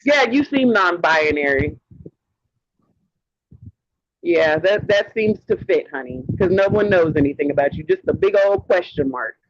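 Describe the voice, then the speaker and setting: A man's voice: fairly high pitch, expressive, a little slow, pauses often, slight background noise. A man hosting a livestream, delivering a heated rant in a sassy, profane way and calling people honey. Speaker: livestream host. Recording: dull lo-fi stream audio.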